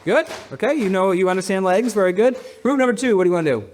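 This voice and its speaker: Just a guy pastor with a fairly high voice, running a body percussion game in church, counting one two ready go, jokey. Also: lively intonation, racing, a little hiss or hum. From United States. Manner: playful, laughing, counting in the crowd. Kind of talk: leading a congregation in a rhythm game. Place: church hall with a congregation.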